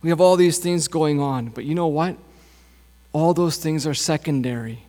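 A man preaching a sermon as pastor, with a slow, repetitive preaching cadence. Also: fairly high pitch, a little mellow. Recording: long hall reverb.

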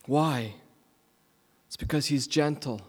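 A man preaching a sermon as a pastor, asking rhetorical questions and repeating lines, swinging from loud emphasis to hushed near-whispers. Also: medium pitch, takes it slowly, slightly rough. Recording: long hall reverb.

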